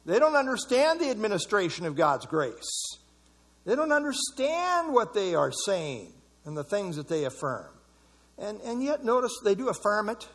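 A man's voice: high voice, very animated, moderate pace, fairly bright tone. A man leading an evening church Bible study in a casual, conversational way, commenting on verses and asking the group for thoughts.

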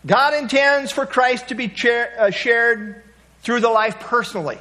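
In his sermon, a pastor with a very high, bright, forceful voice takes his time, telling stories in a homey, conversational way full of folksy asides and climbing with emphasis at the key moments.

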